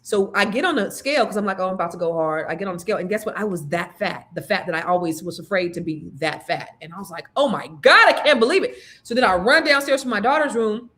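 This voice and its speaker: A woman's voice: lowish voice, fast, few pauses. A woman co-hosting a casual chat show, telling a funny personal story with lots of laughter. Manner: animated storyteller, laughing often. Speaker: co-host.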